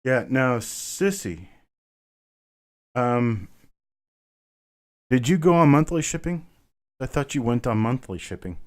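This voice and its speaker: A man's voice: mid-range voice, very animated, takes it slowly, long pauses. Chatty man hosting a live coin auction. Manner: chatty, answers chat comments by name, calls viewers brother. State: a bit winded. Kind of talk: casual live-stream chat with viewers.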